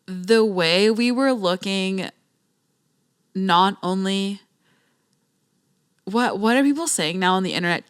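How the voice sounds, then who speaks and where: A young woman hosting a podcast, telling a travel story in a chatty, slangy, animated way. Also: mid-range voice, slow pace, long pauses, smooth. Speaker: podcast host. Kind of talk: casual storytelling.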